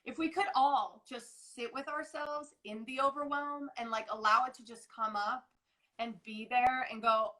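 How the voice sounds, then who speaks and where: A woman's voice: a little high, fairly even intonation, unhurried, bright, forceful tone, low-quality recording. A woman in her forties, a guest coach, chatting earnestly on a video call, rambling with restarts and quoting herself. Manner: earnest, rambling, many restarts and acted quotes. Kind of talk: casual live interview chat.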